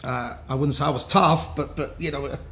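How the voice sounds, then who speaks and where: A man's voice: medium pitch, fairly even intonation, brisk, a bit bright. A man telling rambling, laughing stories with many restarts. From London. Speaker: musician, interview guest. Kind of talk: casual anecdotal storytelling. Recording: roomy with faint background noise.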